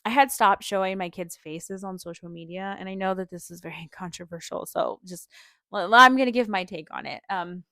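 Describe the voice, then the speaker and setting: A young woman hosting a podcast tells a personal story casually and earnestly, chatty and openly emotional, full of "like" and "um" with frequent small laughs. Her fairly low voice is brisk, bright and pushed, with vocal fry. The recording is dry and studio quality.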